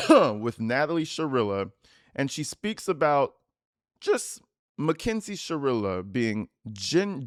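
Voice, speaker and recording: A man ranting in a profane, mocking, animated style while giving reaction commentary on a video. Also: medium pitch, no room sound, clean studio sound. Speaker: commentary YouTuber.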